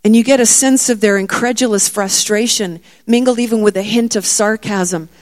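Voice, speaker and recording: This middle-aged woman preaches at a moderate pace, her voice sitting fairly high. Her sermon unfolds like a story: she acts out what the disciples say and lifts her voice more and more as she presses each point.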